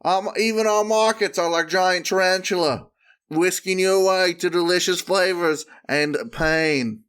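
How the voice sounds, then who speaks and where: A man's voice: high voice, fairly even intonation, measured pace, fairly bright tone, clear, resonant tone. A man co-hosting a casual comedy podcast, riffing with silly, exaggerated jokes. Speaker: podcast co-host.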